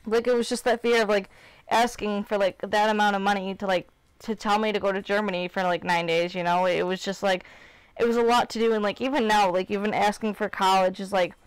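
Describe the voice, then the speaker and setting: A live-stream host from Illinois, in her twenties, talks a little fast in a clear, resonant, medium-pitched voice with fairly even intonation. The dry recording catches her candid, rambling chat, heavy on "like" and "you know what I mean."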